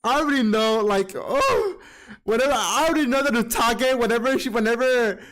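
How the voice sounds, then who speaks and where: A man's voice: extremely high pitch, fairly even intonation, fast, a bit bright. A man recapping an anime episode in a casual vlog, gushing, chatty and full of profanity. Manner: calls listener "girl" often.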